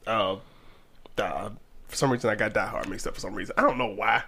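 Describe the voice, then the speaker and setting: A man's voice: lowish voice, a little fast, creaky, sharp tone, slightly rough. A man co-hosting a podcast, tipsy, talking bluntly and profanely in casual chat. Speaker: podcast co-host.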